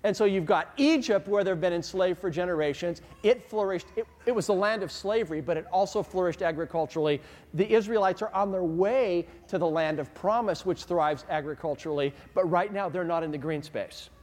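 A man preaching a sermon as a pastor, telling the story with animated asides and questions to the congregation. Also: high voice, a little fast. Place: church sanctuary. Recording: long reverb of a large hall.

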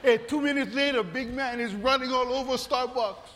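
A man's voice: very high-pitched, normal speed, fairly bright tone, a little hiss or hum. A man, a pastor telling a comic story in a sermon, acting out voices and laughing often. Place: church hall. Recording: long reverb of a large hall.

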